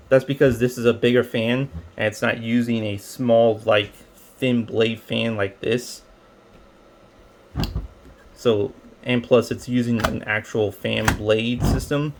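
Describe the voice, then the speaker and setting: A man's voice: medium pitch, a little hiss or hum. Rambling man reviewing a gadget. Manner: rambling, filler-heavy explaining. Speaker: tech reviewer. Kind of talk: casual product review.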